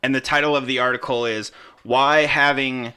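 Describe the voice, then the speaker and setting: A man's voice: medium pitch, fairly even intonation, moderate pace, pushed and bright, smooth. A young man co-hosting a podcast, rambling in casual chat, cursing freely and leaning on fillers. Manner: rambling, profane, full of fillers. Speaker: podcast co-host.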